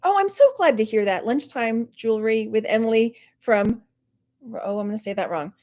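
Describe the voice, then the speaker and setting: Brief: rambling, giggly middle-aged reseller from Texas chatting on a livestream with a dry mouth, voice a bit high. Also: female voice, animated, moderate pace, a little mellow. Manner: chatty, rambling, laughs often. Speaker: online reseller hosting a livestream. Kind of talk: casual livestream chat.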